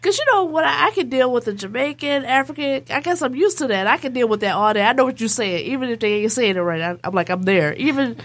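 A woman chatting casually on a talk show, telling stories with loud, exaggerated reactions. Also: on the high side, animated, fast, hardly any pauses. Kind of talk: casual chat.

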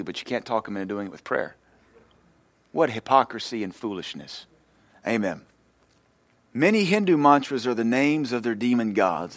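A man preaching a sermon with impassioned, storytelling delivery that swells louder and higher. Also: no room sound. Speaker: pastor.

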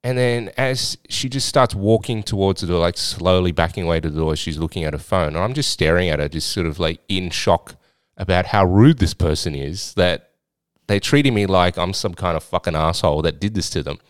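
A man's voice: sits low, a little fast, clear, resonant tone, no echo, studio quality. An Australian man hosting a podcast, telling a story in a rambling, blunt way with some swearing. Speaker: podcast host and swingers club owner. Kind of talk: casual storytelling chat.

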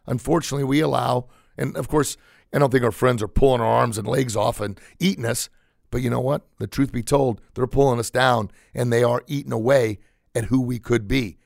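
A man's voice: medium pitch, gravelly, dry recording, studio quality. A man hosting a podcast, giving an emphatic, conversational motivational talk that repeats its key points. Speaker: podcast host, motivational speaker.

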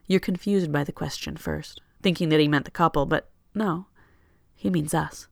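Story narrator, gravelly, dry close sound, steady measured delivery. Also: mid-range voice, dry recording. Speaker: story reader. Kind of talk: second-person fiction narration.

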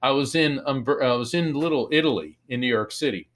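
A man, a psychic medium and author, telling an animated story as an interview guest and acting out the lines of the people in it. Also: medium pitch, a little fast. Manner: animated storyteller, acts out quotes in raised voice.

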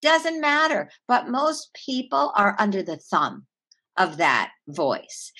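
A woman author, a guest on an interview, who explains her ideas earnestly, with wide swings in pitch and loudness. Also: slightly rough. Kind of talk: conversational interview.

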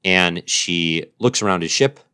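A man with a very deep voice tells an invented superhero origin story, rambling and deadpan. His delivery is playful and loose, like an improvised chat between friends. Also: a little slow, clear, resonant tone.

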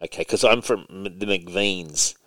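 A man's voice: low voice, unhurried, sharp tone, dry recording. A man from Australia hosting a casual podcast chat, joking and easygoing as he leads the talk. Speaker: podcast host.

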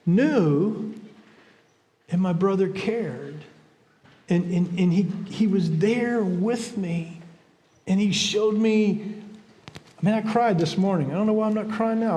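Older man, pastor, earnest conversational sermon with a high voice; reverberant hall. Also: darkish tone. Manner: earnest, conversational preaching with repeated restarts.

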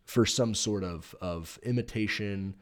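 A man with a lowish voice co-hosts a conversational podcast. He tells stories in a lively way, packing his talk with "like" and "you know," and sounds relaxed with his co-host. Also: measured pace. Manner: storytelling, animated, many fillers. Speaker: podcast co-host, youth teacher. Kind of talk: casual chat.

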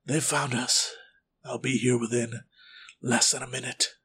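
A man voicing a creepy, toothless male shadow fae who works as a janitor, speaking in a low, sly, casual way. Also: little pitch movement, a little slow, fairly bright tone, husky, full character voice. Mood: grim.

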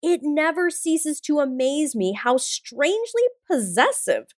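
A woman's voice: sits high, big pitch swings, unhurried, no room sound. A woman in her forties hosting a motivational podcast, talking in an emphatic, blunt and punchy way with plenty of swearing. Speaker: podcast host. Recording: dry studio sound with faint music.

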